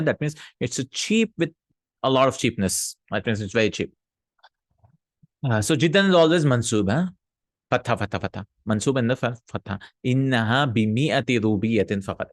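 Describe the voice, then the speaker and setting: A man teaching a recorded Arabic grammar lesson, reading example sentences aloud, translating them, and checking in with quick "hmm?" and "no?" asides. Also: mid-range voice, dry recording. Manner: explanatory, checks in with frequent "hmm?" and "no?".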